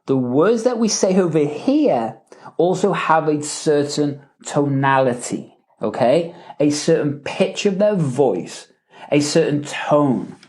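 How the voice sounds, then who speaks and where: A man coaching in a live question-and-answer session, emphatic and animated, often checking in with "right?" and "okay?". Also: a little high, slow. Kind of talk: live Q&A teaching.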